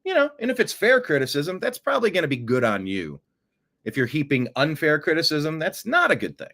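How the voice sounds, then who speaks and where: A man's voice: on the high side, wildly swooping pitch, fairly quick, bright, forceful tone. A man hosting casual political commentary, sarcastic, and mocking his critics with put-on gasps and voices. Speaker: host.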